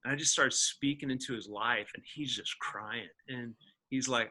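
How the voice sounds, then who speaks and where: A podcast guest from Indiana, USA, tells a personal story in an animated conversation, voicing other people's lines as he goes. He speaks in a mid-range voice at normal speed.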